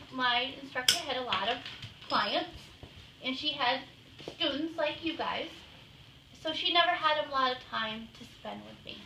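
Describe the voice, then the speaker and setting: A woman talking casually and patiently to a group of children in a home, pausing now and then to give short commands to her dog. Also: sits high. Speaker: guest speaker with a guide dog. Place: indoors in a home. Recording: roomy, distant home-video sound with faint noise.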